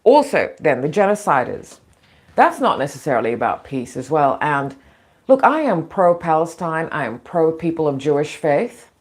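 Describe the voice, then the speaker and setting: A woman's voice: sits low, very animated, moderate pace. A woman hosting a casual talk show, frank and opinionated, rambling with a slightly irritated throat. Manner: frank, opinionated, digressive, laughs often. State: throat irritation, occasional coughing. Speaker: podcast host.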